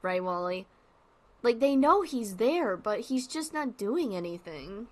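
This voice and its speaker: A woman's voice: a little high, sing-song, measured pace, a little mellow. A woman streamer giving casual commentary while playing, rambling and thinking aloud with lots of fillers.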